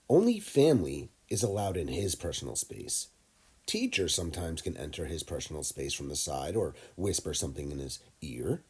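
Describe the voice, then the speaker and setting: A man narrating a lesson for children, talking slowly and deliberately and addressing the kids directly. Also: low voice, mellow, breathy edge. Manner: slow, deliberate, talks straight to kids. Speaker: teacher.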